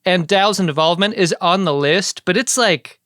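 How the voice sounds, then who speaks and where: Bright-voiced wry man, crisp and dry. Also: high-pitched, normal speed, dry recording. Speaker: podcast co-host. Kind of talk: casual chat recapping a TV episode.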